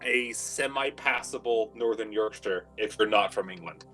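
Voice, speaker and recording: A man's voice: fairly low pitch, normal speed, bright, forceful tone, soft background music, poor audio. A man on a streamed game panel, chatting loosely and joking, swearing casually as he talks. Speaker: tabletop game player, panelist.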